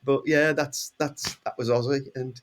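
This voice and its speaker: Guest, English male, 60s, mid-pitched, rambling storyteller who voices the people in his tales. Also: measured pace, a little hiss or hum. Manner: lively anecdotes, acts out quoted voices with big pitch jumps. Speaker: guest musician. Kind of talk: casual storytelling.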